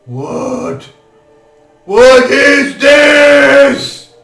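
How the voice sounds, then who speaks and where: A man voicing a huge, childlike male giant who shouts and draws out his words in a sing-song way. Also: extremely high pitch, very animated, very slow, gravelly, pitched above the performer's own voice, full character voice. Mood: angry. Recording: echoey room, faint music.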